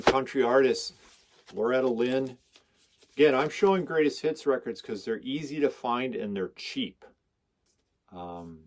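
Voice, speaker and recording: A man's voice: lowish voice, a little mellow. A man chatting casually and with enthusiasm as he shows his records, rambling from one to the next and reading off song titles. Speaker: record collector vlogger. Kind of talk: casual chat showing records.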